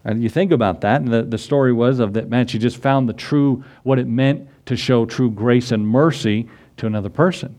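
A man preaching a sermon, emphatic, rising on key points and reading scripture slowly and deliberately. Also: mid-range voice, a little mellow. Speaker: pastor.

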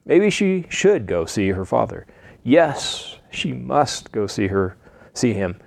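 Gravelly-voiced man reading a story. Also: mid-range voice, big pitch swings, no room sound. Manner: earnest, slightly halting reading with small slips. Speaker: narrator.

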